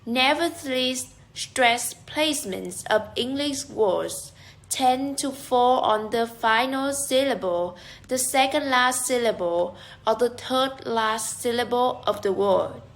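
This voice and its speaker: A woman's voice: fairly high pitch, slow. A young woman reading a class presentation carefully, repeating example words. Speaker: student presenter.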